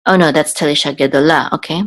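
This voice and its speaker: With fairly even intonation, a woman gives a slow lesson on reading Biblical Hebrew, full of fillers and self-corrections, and then chants the marks higher in a sung voice. The recording is rough.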